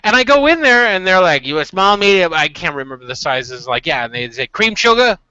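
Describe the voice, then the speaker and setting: A man's voice: high voice, sing-song, brisk, bright, forceful tone, clean tone, no echo. A man from California hosting a casual web show, telling stories animatedly and acting out quotes, over dull web call audio. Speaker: host.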